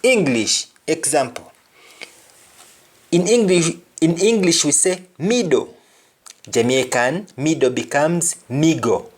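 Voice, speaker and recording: A man giving a pronunciation lesson, saying each example word slowly and deliberately, often twice. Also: fairly high pitch, expressive. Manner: slow, deliberate, repeats each word in pairs. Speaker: language teacher.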